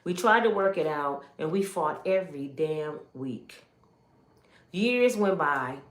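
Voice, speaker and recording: A woman's voice: sits low, lively intonation, slow pace, reverberant. A woman from Michigan giving an emotional personal testimony, telling her story with animation and speaking straight to her viewers.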